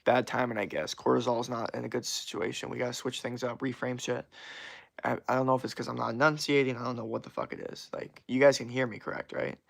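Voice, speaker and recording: Young guy streaming, cussing a lot, rambling and annoyed, kinda gravelly. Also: medium pitch. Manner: profane, rambling, frustrated. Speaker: livestreamer. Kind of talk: casual live stream chat.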